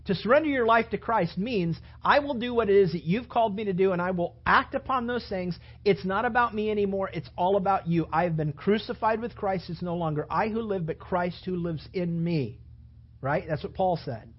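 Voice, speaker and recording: A man's voice: high-pitched, fairly quick, husky. A man preaching a sermon as pastor, building to emphatic, rising bursts. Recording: dull lo-fi sound.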